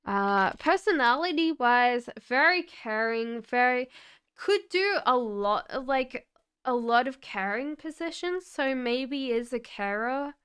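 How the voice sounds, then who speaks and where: A young Australian woman, her accent softened by years in Britain, chatting upbeat with viewers as she gives live tarot readings. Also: sits high, animated, slow, clean tone. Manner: chatty and upbeat, laughs often, talks straight to viewers by name. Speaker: tarot reader.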